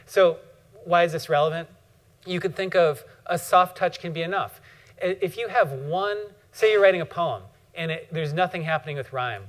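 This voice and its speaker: A man giving a thoughtful classroom lecture on poetry, often pausing and reading poem lines slowly. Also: on the high side, a bit bright. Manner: frequent fillers and restarts.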